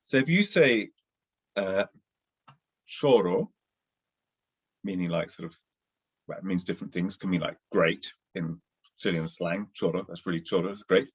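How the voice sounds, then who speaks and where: A man's voice: low-pitched, animated, moderate pace, breathy edge, muffled recording. A man from England with a Southern English accent, co-hosting a casual, discursive chat with frequent fillers. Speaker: podcast co-host. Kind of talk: casual conversation.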